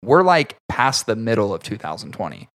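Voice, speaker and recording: A man's voice: fairly low pitch, big pitch swings, moderate pace, a bit bright. A man hosting a podcast from his home basement, chatting casually, laughing often and swearing now and then. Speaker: podcast host. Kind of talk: casual chat.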